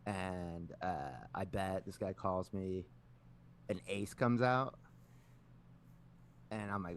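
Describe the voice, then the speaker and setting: A man's voice: deep voice, fairly even intonation, takes it slowly, pauses often, slight background noise. A man co-hosting a podcast, telling a long story in casual chat, rambling with many filler words and frequent swearing. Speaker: podcast co-host.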